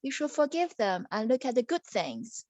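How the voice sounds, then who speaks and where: A woman's voice: fairly high pitch, sing-song, moderate pace, darkish tone, dry recording. A woman voicing a brave young prince in a puppet story for a child, earnest and exclaiming.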